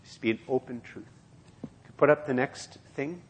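A man's voice: mid-range voice, normal speed. A man preaching a sermon and reading scripture aloud, in an earnest, repetitive preaching cadence. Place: church. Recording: long hall reverb.

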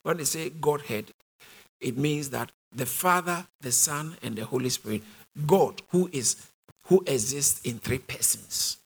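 A man's voice: medium pitch, a little slow, husky. A man with a British accent teaching a sermon, driving his points home through repetition and call-and-response questions to the congregation. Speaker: Bible teacher.

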